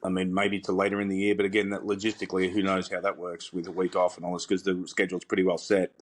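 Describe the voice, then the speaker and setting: Fast-talking deep-voiced male co-host. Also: monotone. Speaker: podcast co-host, former tour caddie. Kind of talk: casual chat.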